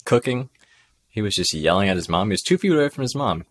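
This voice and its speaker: A man's voice: lowish voice, sing-song, quick pace. A man co-hosting a casual movie review chat, making dry, blunt remarks.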